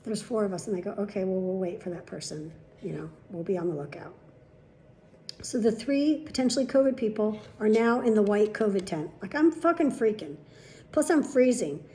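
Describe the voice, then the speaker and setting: A woman's voice: medium pitch, animated, normal speed, dark tone, a little hiss or hum. A woman vlogger telling a story in a casual monologue, exasperated and profane, shifting her voice to quote the people in it.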